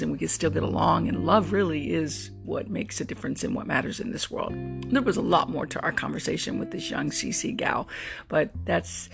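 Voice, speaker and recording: Over guitar music, a forties-aged podcast host wanders earnestly through stories in a relaxed solo monologue, speaking at a medium pitch with a creaky texture.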